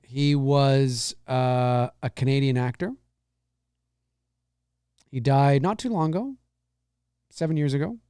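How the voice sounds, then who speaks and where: A man's voice: mellow, clean tone, no echo, studio quality. A man hosting a live-streamed talk show, chatting casually and reading viewer comments, rambling with many restarts and repeated phrases. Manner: drops into low, slow impressions and squeaky high mimicry.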